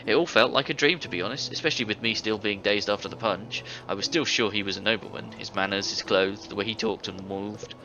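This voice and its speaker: With a lowish, natural-sounding voice, a man talks fast and barely pauses while playing a boastful middle-aged former thief in a video game. The character, a rowdy tavern storyteller, narrates with hearty bravado. Dull game audio with a faint hiss.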